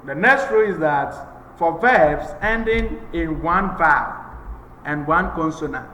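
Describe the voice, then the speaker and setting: A man gives a grammar lesson at a deliberate, unhurried pace, going over each rule again and again. His voice is bright and a little high. The room is echoey with a long reverb tail, and faint noise sits behind him. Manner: slow, methodical, repeats points for emphasis. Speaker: English teacher. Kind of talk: recorded grammar lecture.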